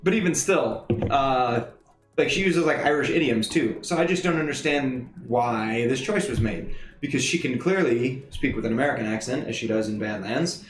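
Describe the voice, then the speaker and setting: A man's voice: medium pitch, animated, moderate pace, reverberant, faint music behind. A man co-hosting a casual podcast review of a TV episode, chatty and joking, with some swearing. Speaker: podcast co-host.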